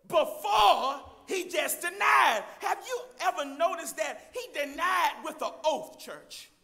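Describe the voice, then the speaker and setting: A man preaching a sermon, loudly addressing the congregation as church, with a gravelly edge. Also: extremely high pitch, animated, takes it slowly. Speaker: pastor.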